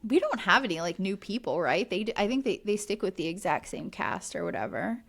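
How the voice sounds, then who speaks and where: Woman, podcast co-host, casual recap chat, exasperated chatty delivery, mid pitch. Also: animated, brisk, creaky, a bit bright.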